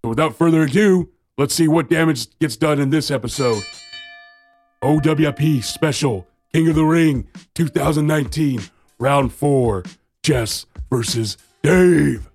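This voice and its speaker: A man putting on a drawling tough-guy wrestling announcer voice for a mock promo intro, slow and mocking. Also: fairly high pitch, darkish tone, faint music behind. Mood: mocking swagger.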